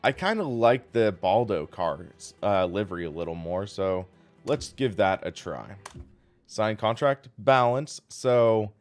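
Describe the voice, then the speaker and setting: A man's voice: on the low side, animated, a little slow, faint music behind. A man hosting a live sim racing stream, chatting casually and rambling as he plays and thanks viewers.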